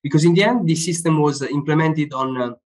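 This man is an author talking through his ideas during a live online interview, frequently circling back over words as he looks for how to say things. He speaks at a fairly high pitch, a little quickly, with a somewhat mellow tone, captured in a rough recording.

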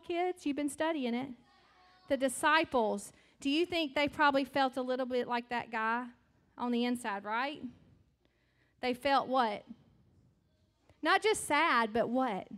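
A woman leads a children's sermon in a church, her voice set high and her pace slow and deliberate. She keeps putting questions to the children and waits for their answers. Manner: lively questions to a group of children. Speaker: children's message leader. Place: church sanctuary.

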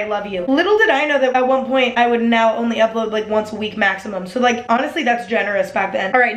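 A young woman talks through a casual vlog in a slightly high voice, full of sarcastic, self-deprecating asides and frequent swearing. Her voice rings off the walls of an echoey room. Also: a bit bright. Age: young adult. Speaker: vlogger.

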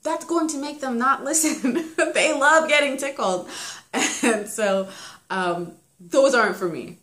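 A woman's voice: sits high, unhurried, fairly bright tone. A young woman casually chatting about parenting, talking freely and laughing often as she tells stories about her kids. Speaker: parenting vlogger reviewing a book. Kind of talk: casual chat. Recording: roomy echo.

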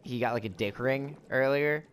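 A man's voice: mid-range voice, normal speed, a little hiss or hum. A young man casually telling a rambling story, full of fillers and swearing, while playing a game with friends. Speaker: let's play co-host. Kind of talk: casual storytelling over gameplay. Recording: game music faintly behind.

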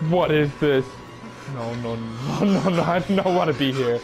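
Over music, a young man plays a horror game for a let's play, jumpy and panicking as he swears and keeps repeating "no, no" and "go, go." His voice sits on the high side at a normal speed.

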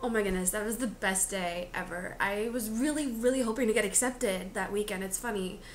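A woman's voice: mid-range voice, brisk, slight background noise. A woman in her twenties vlogging casually in her bedroom, rambling with lots of fillers. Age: 20s. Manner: chatty, rambling, filler-heavy. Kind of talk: casual confessional vlog.

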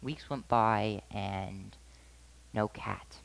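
A man's voice: on the low side, fairly even intonation, very slow, gravelly, a bit bright, heavily acted, low-quality recording. A student actor playing Aaron, an older sibling narrating his cat's loss, on a school theatre stage. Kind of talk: high school stage play.

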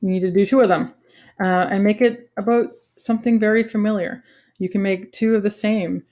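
A woman in her forties explaining a lesson to students in a relaxed, casual way, with frequent ums and self-corrections. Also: mid-range voice, brisk. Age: 40s. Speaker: teacher.

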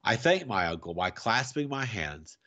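Expressive man reading a novel aloud. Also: lowish voice, moderate pace. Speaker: storyteller.

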